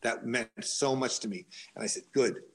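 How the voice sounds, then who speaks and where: A man's voice: medium pitch, moderate pace, low-quality recording. A man who coaches boxing and owns a gym, telling a long story in an interview with many restarts and fillers.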